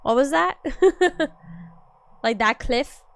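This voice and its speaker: High-voiced woman streaming a game. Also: lively intonation, extremely slow, dry recording. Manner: chatty, laughs between reading lines. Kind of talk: reading game dialogue aloud while playing.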